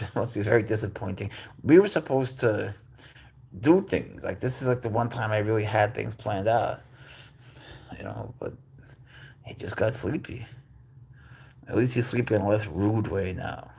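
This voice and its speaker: A man's voice: on the low side, gravelly, a little mellow, slightly rough. A man hosting a casual livestream, cooing to his pet cat and reading out viewer comments. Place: at home.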